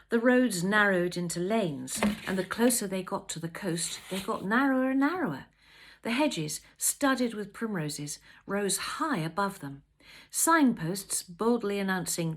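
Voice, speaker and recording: A woman reading a novel aloud with expressive, measured storytelling. Her pitch moves a lot as she shapes each sentence. She sounds like an author sharing her own book.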